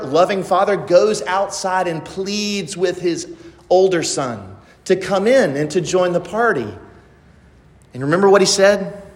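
Male pastor preaching, kinda high voice, lots of rhetorical questions, big echoey church hall. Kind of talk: sermon. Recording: long hall reverb.

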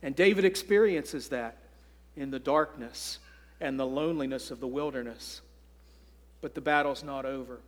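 A pastor preaching a sermon in an earnest, deliberate way. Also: male voice, mid-range voice, big-room sound.

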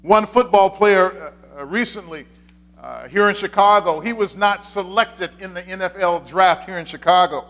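A man's voice: high-pitched, normal speed, fairly bright tone. A man, a pastor, giving a conversational sermon, repeating his key points with frequent fillers.

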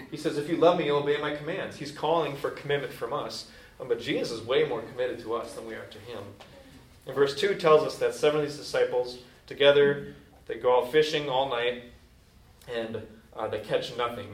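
A man's voice: medium pitch, a little hiss or hum. A man preaching a sermon as a pastor, telling a story in a casual, conversational way. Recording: echoey room from a distant mic.

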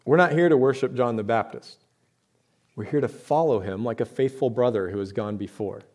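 A man's voice: mid-range voice, a little fast, a little mellow. A man preaching a sermon to his church, talking in a conversational way with rhetorical questions and emphatic points. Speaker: pastor.

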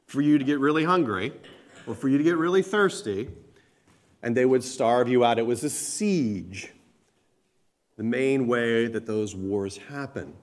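A man preaching a sermon, earnestly explaining scripture and slowing down and growing louder when he quotes it. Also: on the high side.

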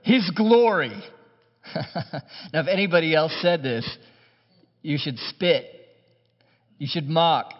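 A man preaching a sermon in an animated, conversational way, with touches of humor. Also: on the high side, a little slow. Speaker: pastor. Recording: muffled hall recording with long reverb.

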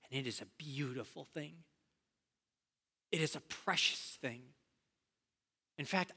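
A man preaching a sermon as a campus minister, telling a story and acting out the dialogue in an animated way. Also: medium pitch, big-room sound.

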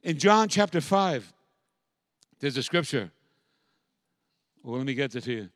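A man preaching a sermon as pastor, moving from quiet, reflective passages to loud, impassioned calls. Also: medium pitch, animated, a little slow, no room sound.

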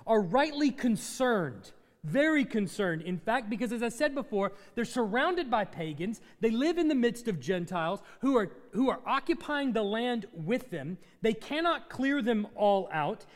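A man's voice: very high-pitched, big pitch swings, normal speed, in a large hall. A man preaching a sermon as pastor, asking his congregation questions and letting his voice rise and fall.

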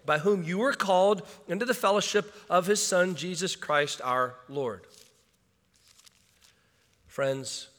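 Man preaching in a ringing hall. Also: a little high. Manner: swings from hushed to shouting. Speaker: pastor. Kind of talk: sermon. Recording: long hall reverb.

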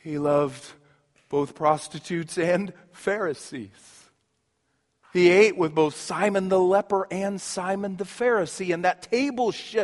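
High-voiced man preaching slowly in a hall. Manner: swings from hushed intimacy to sudden emphatic outbursts. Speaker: pastor. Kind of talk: sermon.

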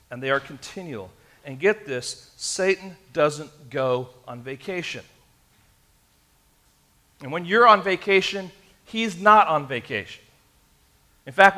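A man's voice: a little high, sharp tone. A man preaching a sermon in an earnest way, speaking straight to his congregation. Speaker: pastor.

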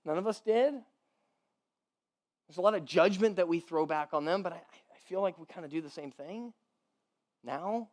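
A male pastor preaches in an easy, chatty way, with a voice pitched noticeably high for a man. He repeats words as his thoughts catch up, laughs lightly between points, and keeps turning to his listeners with a quick "right?". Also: a little mellow. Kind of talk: conversational sermon.

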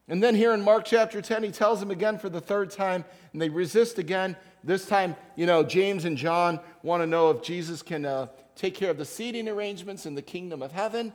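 Man, high voice, pastor, conversational sermon, acts out characters in asides. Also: brisk, hardly any pauses.

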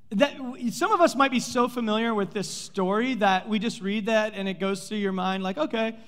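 A man preaching a sermon as pastor, telling the story in an animated way and playfully acting out the characters with sarcasm. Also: high voice, normal speed. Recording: long hall reverb.

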